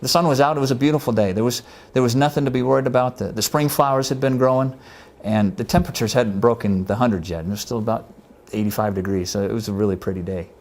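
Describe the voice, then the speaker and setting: Fast-talking man telling a war story. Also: mid-range voice, a little mellow. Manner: earnest, conversational, acts out quoted voices. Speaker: military medic recounting a war story. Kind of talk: first-person war story told to camera.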